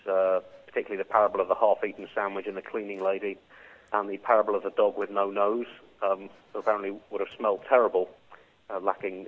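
Husky man on a tinny phone-like line. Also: on the low side. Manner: deadpan absurd delivery with frequent chuckles. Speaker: comedy podcast co-host. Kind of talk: comic monologue and banter. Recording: phone-like narrow band.

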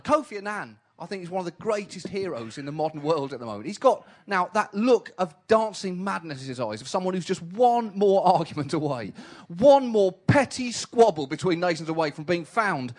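A man's voice: high-pitched, expressive, brisk, hardly any pauses. A man doing comedy, talking in a mock-earnest, rambling way and laughing often. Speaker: comedy double act partner. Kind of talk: improvised comic banter.

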